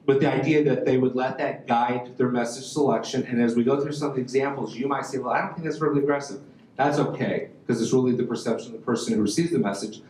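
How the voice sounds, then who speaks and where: A man giving a university lecture on communication, animated and joking as he quotes examples aloud. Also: medium pitch, a little hiss or hum. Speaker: communication professor. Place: lecture room. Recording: roomy hall, faint ambience.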